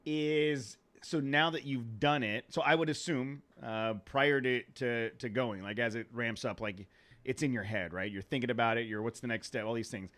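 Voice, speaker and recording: A man hosting a podcast, asking questions in an easygoing, halting way. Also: mid-range voice, a bit bright. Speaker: podcast host. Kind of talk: casual podcast conversation.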